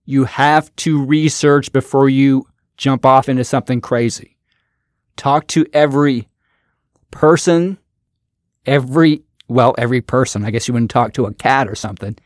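A man's voice: mid-range voice, normal speed, dry recording, clean studio sound. A man hosting his own podcast, giving an emphatic, repetitive motivational talk as a coach.

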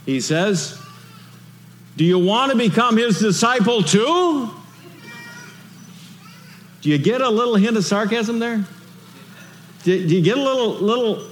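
A man preaching a sermon in a lively, conversational way, full of rhetorical questions. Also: high voice, in a large hall. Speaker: pastor.

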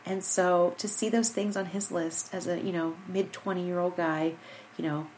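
A woman's voice: on the low side, steady tone, normal speed, darkish tone, a little hiss or hum, poor audio. A woman hosting a personal podcast, speaking earnestly into a microphone, tearful and fighting back crying. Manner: heartfelt, earnest, repeats herself. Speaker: podcast host. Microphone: studio microphone.

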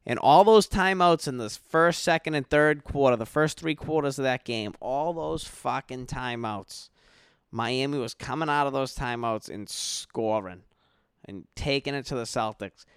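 A man's voice: mid-range voice, measured pace, clear, resonant tone, no room sound, studio quality. A young man, tipsy and tired, rambling and swearing through a late-night sports rant in his bedroom. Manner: profane, rambling, yawning. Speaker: podcast host.

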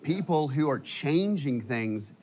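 A man preaching a sermon in a church, energetic and casual, with many fillers and restarts, sometimes emotional. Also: on the high side, slow pace. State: emotional at times. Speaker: guest preacher. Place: church auditorium.

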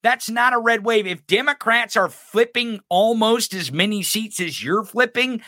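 A man's voice: sits high, measured pace, hardly any pauses, pushed and bright, dry recording, studio quality. A man hosting a live political podcast in casual commentary, mocking and profane, often laughing. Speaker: podcast host. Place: live-streamed podcast set.

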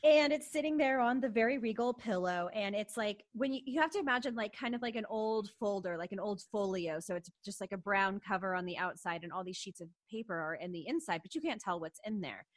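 A woman co-hosting a podcast, recapping a show in casual chat, giggly and animated with many fillers. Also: mid-range voice, fairly quick, few pauses. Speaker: podcast co-host.

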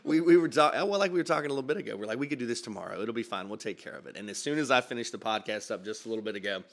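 Expressive, gravelly, and a bit bright, this medium-pitched male voice moves very fast. A pastor hosts a casual podcast at home, rambling cheerfully and frequently laughing, speaking into a studio mic while wearing headphones.

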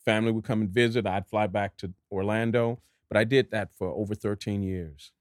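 Animated man from Dallas telling stories. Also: on the low side, brisk, dry recording, clean studio sound. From Dallas, Texas. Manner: animated, acts out other voices in his stories. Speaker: actor, guest. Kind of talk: storytelling interview.

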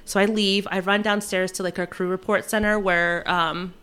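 A young woman tells a frantic travel story among friends, her mid-pitched voice bouncing as she acts out what everyone said. She laughs often and talks in quick, lively bursts. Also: clear, resonant tone. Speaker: flight attendant telling a travel story. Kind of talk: animated casual storytelling.

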